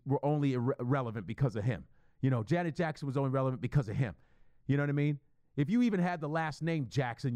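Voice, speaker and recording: A middle-aged man hosting a solo podcast, rambling profanely in an animated, stream-of-consciousness monologue. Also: medium pitch, no echo. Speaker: podcast host.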